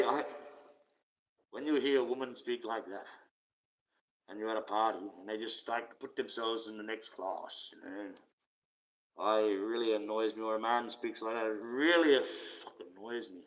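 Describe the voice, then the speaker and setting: On dull, lo-fi audio, a man hosting a livestream goes on a casual, profane, sarcastic rant, shifting between loud outbursts and mutters. He has a fairly low pitch and speaks at normal speed.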